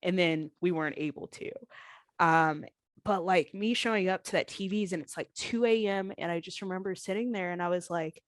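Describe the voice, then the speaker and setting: This is a woman's lowish voice at a normal pace, recorded with no room sound. She's in her thirties, a former professional wrestler appearing as a podcast guest, and she shares her story emotionally and frankly while voicing what others told her with lively flair.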